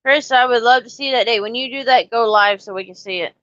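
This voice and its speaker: A woman's voice: on the high side, brisk, fairly bright tone, no room sound. A woman hosting a casual live chat, blunt and salty, talking firmly to her dogs between questions. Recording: dry, slightly muffled lo-fi audio.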